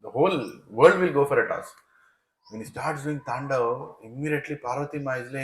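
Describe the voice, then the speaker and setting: Animated man telling a sermon story. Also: mid-range voice, brisk, reverberant, a little hiss or hum, low-quality recording. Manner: animated, asks the audience "right?". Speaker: spiritual teacher. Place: devotional center hall.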